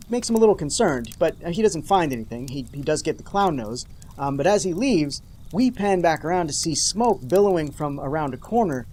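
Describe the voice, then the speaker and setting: Sarcastic recap host, comedic commentary, lively swooping pitch, mid-range voice, mock-dramatic asides. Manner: jokey asides to viewers. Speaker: show host.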